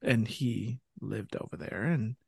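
A man's voice: on the low side, takes it slowly, creaky, a little mellow, husky, no room sound, studio quality. A man co-hosting a casual podcast chat, playful and teasing, jumping in with cheeky questions. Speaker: podcast co-host.

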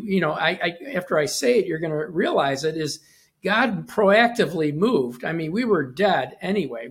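A man giving a short devotional Bible teaching, talking conversationally with frequent restarts and asides. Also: on the high side.

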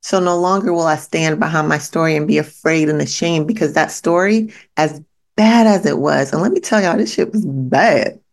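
Speaking at normal speed in a low voice, a woman hosting a podcast gives a profane, blunt pep talk. Her motivational monologue hammers its points home through emphatic repetition aimed directly at the listener.

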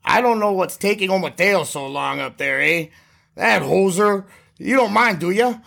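A polite, folksy Canadian fellow with a thick accent, as a man imitates him. The put-on voice sits far higher than his own, bright and chirpy. It sounds friendly and harmless, drawling through each line in an audio drama. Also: expressive, normal speed, creaky, heavily acted.

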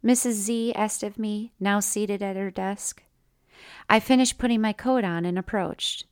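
A woman's voice: medium pitch, steady tone, unhurried, clear, resonant tone, no room sound, studio quality. A woman narrating a first-person memoir to her listeners, with wry, conversational asides. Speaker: storyteller.

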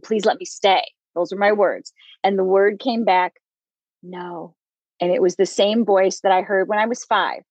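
A woman in her fifties speaking at a middle pitch, recounting personal experiences frankly and laughing often. The recording is dry and dull, with little room sound and muffled highs. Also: dry recording. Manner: candid, laughs often while telling stories. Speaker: guest psychic medium. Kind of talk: interview storytelling.

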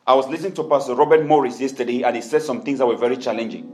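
A man's voice: medium pitch, very fast, darkish tone, echoey room, poor audio. A man preaching a sermon as pastor, with repeated amens and hallelujahs, then leading the congregation in prayer and speaking in tongues. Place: church hall.

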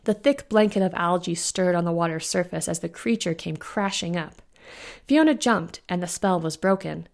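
A woman, the author, reading her own fantasy novella aloud in an even, unhurried storytelling manner. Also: lowish voice, creaky. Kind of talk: audiobook-style fiction narration.

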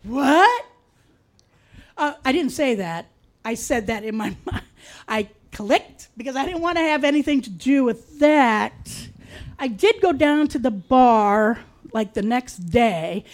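A middle-aged woman telling a personal true story in a wry, confiding way, with dark humor. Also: a little high, expressive, normal speed.

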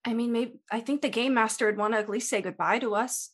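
A woman's voice: on the high side, fast. A woman playing a tabletop role-playing game, talking in a hesitant, rambling way with many fillers. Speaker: player. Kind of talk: in-character tabletop play.

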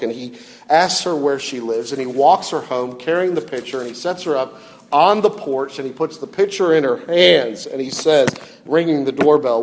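A middle-aged man preaching a sermon, telling a story and swinging between loud appeals and quiet, soft passages. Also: mid-range voice, slight background noise. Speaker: pastor.

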